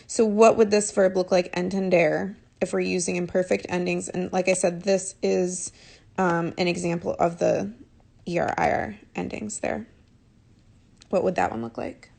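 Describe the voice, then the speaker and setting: Encouraging woman teacher, slight creak. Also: lowish voice, normal speed. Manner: patient, encouraging, corrects answers gently. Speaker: Spanish teacher. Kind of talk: live online lesson.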